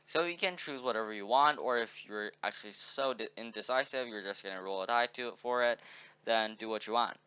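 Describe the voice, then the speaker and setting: Speaking fairly quickly in a mid-range voice, bright and forceful with a clean tone, a man casually goes over a tabletop game sheet as a tutorial presenter. He's upbeat and meandering, thinking aloud and fixing his own mistakes, all on a dull, lo-fi recording.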